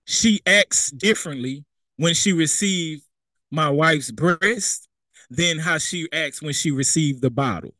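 A man's voice: a little high, takes it slowly, sharp tone, dry recording. Fervent young male preacher, dry close sound. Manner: conversational preaching with vernacular asides and quoted voices. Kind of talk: sermon.

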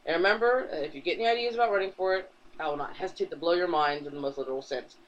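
A high-pitched man rambles through a casual podcast recap, swearing freely and tossing off quick character voices along the way. The recording sounds dull and lo-fi, with the top end rolled off. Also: a bit bright. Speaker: podcast co-host. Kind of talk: casual chat, recapping a comic.

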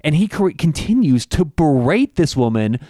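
Man, podcast co-host, casual chat, slightly high voice, lively delivery. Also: normal speed, no echo, clean studio sound. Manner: animated storyteller, acts out quotes.

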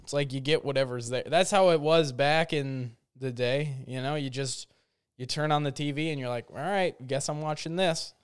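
A man's voice: medium pitch, steady tone, normal speed, smooth, dry recording, studio quality. A young man telling a rambling, jokey story in a casual vlog, full of fillers and restarts. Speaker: vlogger.

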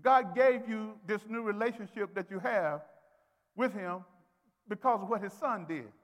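A man preaching a sermon, calling on the congregation to answer back and rising to shouts. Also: sits high, a little slow. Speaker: pastor. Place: church sanctuary. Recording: long hall reverb.

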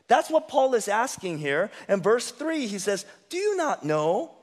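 High-voiced man preaching in a reverberant hall. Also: big pitch swings, a little slow, few pauses. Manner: preaches with rising rhetorical questions and emphasis. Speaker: pastor. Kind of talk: sermon. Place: church sanctuary.

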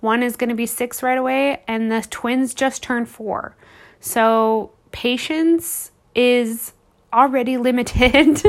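A woman in her thirties hosting a podcast, telling a candid personal story in an emotional, rambling way full of restarts and fillers. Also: on the high side. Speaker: podcast host.

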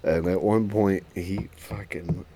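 A young adult man, a former Marine and firefighter, casually telling a profane, animated story as a podcast host. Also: sits low, slow.

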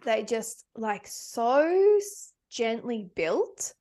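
A woman, hosting a podcast in a gentle, soft-spoken way and encouraging her guest in casual conversation. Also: on the high side, expressive, very slow.

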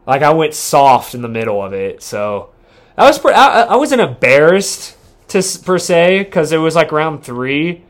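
A young man in casual podcast chat, boastful and crude, his voice jumping up when he gets excited. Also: fairly high pitch, moderate pace. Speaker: podcast co-host.

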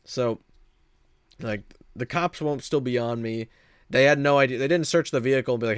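A man's voice: medium pitch, a little fast, no room sound, clean studio sound. A young man telling a story in a casual, rambling way, full of fillers and restarts and laughing at himself.

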